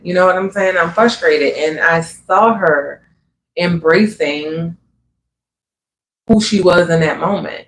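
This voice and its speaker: A man's voice: high-pitched, takes it slowly, pauses often, a bit bright, slight background noise. A man hosting a livestream, talking earnestly and conversationally about spiritual growth, often adding "you know what I'm saying". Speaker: livestream host. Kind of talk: reflective spiritual talk. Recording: echoey room with faint ambience.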